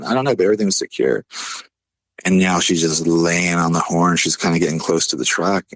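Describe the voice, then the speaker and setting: A man telling a story casually, laid-back, full of fillers, acting out quotes in a higher voice. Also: brisk, dry recording. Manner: animated, acts out quotes in a higher voice. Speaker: podcast guest.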